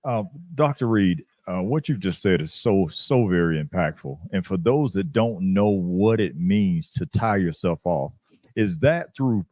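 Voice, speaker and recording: Male host, very low pitch, earnest and admiring, dry close sound. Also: expressive, unhurried, darkish tone, no echo. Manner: earnest and admiring, frequent murmured affirmations. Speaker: podcast host. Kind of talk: interview questions and reactions.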